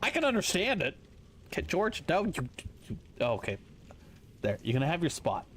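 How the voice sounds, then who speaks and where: A man in his thirties with a high voice, talking to his stream chat while he plays. His pitch jumps around a lot as he gives blunt opinions and swears often. A faint hum of room ambience sits underneath. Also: wildly swooping pitch, normal speed. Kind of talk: casual chat to stream viewers while gaming.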